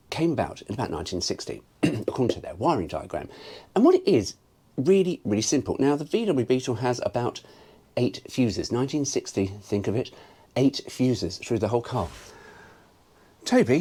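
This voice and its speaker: Lively, husky man chatting about cars. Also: mid-range voice. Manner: animated, jokey, rambling. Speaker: host. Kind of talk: casual car vlog.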